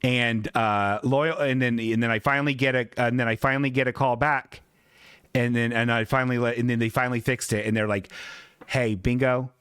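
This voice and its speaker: A man's voice: mid-range voice, flat delivery, fast talker, a bit bright, smooth, dry recording, clean studio sound. A man hosting a comedy podcast, telling a rambling, profane, self-mocking story in a casual way. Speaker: podcast host.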